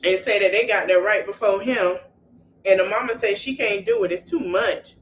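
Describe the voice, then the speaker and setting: A woman podcast host at a moderate pace and in a mid-range voice gives a casual, animated recap, replaying scenes he-said-she-said style with slangy asides to listeners. There's slight background noise on a low-quality recording.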